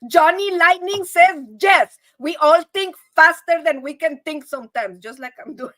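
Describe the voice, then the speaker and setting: High bright-voiced woman chatting live. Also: moderate pace, no echo. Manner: emotional, laughing, chatty with viewers. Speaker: channel host. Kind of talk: casual livestream chat.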